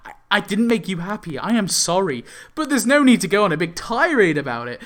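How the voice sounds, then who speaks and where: A man's voice: sits high, animated, a little fast, fairly bright tone. A young man talking to camera in a casual vlog, exasperated and ranting, swearing a lot, with many ums and restarts. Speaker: YouTuber.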